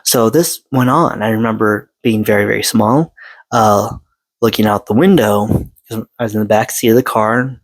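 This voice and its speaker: A man's voice: lowish voice, moderate pace, dry recording, rough recording. A man in his forties telling his own story in an earnest monologue, hesitant, with many fillers and restarts. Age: 40s. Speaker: vlogger sharing personal story.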